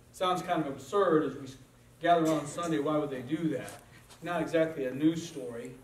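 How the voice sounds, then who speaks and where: A man's voice: a little high, roomy sound. Guy preaching from a church stage, mic far off, bit of background hum. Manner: conversational, earnest storytelling. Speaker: pastor. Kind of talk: sermon. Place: church sanctuary.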